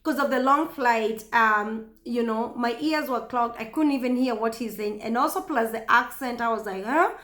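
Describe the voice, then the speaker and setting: A woman with a Kenyan accent telling a story casually to camera, chatty and animated, often laughing. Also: fairly high pitch, moderate pace, hardly any pauses. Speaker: vlogger. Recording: echoey room.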